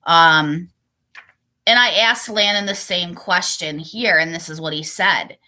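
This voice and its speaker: A woman's voice: on the low side, slow pace, sharp tone. A woman reading her own children's book aloud, breaking off into digressive, apologetic asides.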